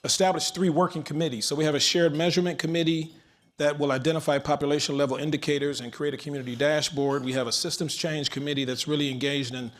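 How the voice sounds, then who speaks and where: A man's voice: fairly high pitch, fairly even intonation, fast. A man speaking into a handheld mic at a large public forum, moderating and announcing with energy. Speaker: moderator and organization leader. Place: large event hall.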